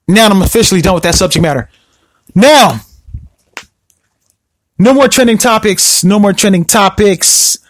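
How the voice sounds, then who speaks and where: A man rants alone into his podcast mic, his voice sitting high. He talks in an animated, confrontational way and keeps repeating himself. The sound is dry and close, with no room around it. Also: no echo. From Southern California. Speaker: podcast host. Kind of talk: solo podcast rant.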